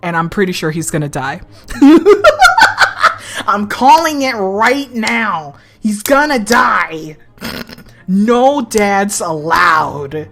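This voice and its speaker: A woman's voice: medium pitch, slow pace. A woman streamer giving casual, joking let's-play commentary over game audio. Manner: giggly, joking, animated. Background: game soundtrack.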